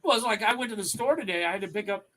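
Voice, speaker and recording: A man's voice: sits high, rapid-fire, sharp tone. A man in his thirties co-hosting a casual podcast chat, laughing often and acting out voices in his stories. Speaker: podcast co-host.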